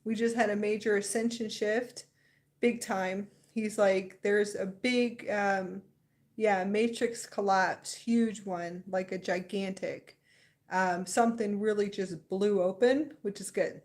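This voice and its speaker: A young woman talks off the cuff on a spiritual livestream, rambling and excited. She laughs often as she chats, in a voice of ordinary pitch. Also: slow pace. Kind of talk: casual livestream chat.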